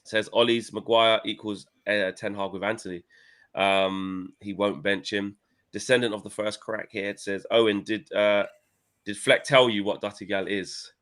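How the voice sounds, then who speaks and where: A man's voice: lowish voice, fairly even intonation, normal speed, a bit bright. A young man, co-hosting a fan livestream, reading out live comments and joking with playful slang. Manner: banterous, playful, uses slang like "my son" and "innit". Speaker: co-host of fan channel livestream.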